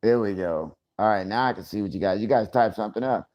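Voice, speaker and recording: A man's voice: fairly low pitch, fast talker, muffled recording. A man hosting a casual livestream, talking loosely and profanely, joking, and greeting viewers by name. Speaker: livestream host.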